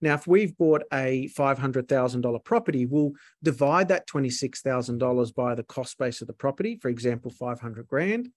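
A man's voice: mid-range voice, lively intonation, normal speed, few pauses, dry recording, studio quality. A man, a guest accountant who explains figures step by step with worked examples. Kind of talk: explanatory interview talk.

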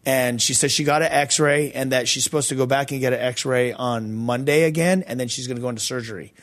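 Guy hosting a podcast, telling a story all excited and loose, lots of like and dude, normal mid voice. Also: medium pitch, fairly quick. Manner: animated, loose slangy talk with many fillers. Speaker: podcast host. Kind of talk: casual storytelling testimony.

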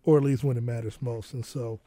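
A man co-hosting sports talk radio from a studio, his voice mellow and dark. He talks in a laid-back, rambling way, full of "you know"s. The studio sound is close and dry. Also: mid-range voice, steady tone, brisk, no echo.

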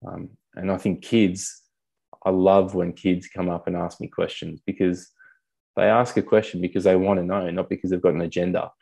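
Deep gravelly man, blunt and casual. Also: little pitch movement, normal speed, dark tone. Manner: blunt, swears casually, says "mate" often. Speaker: podcast guest. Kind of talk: candid conversational storytelling.

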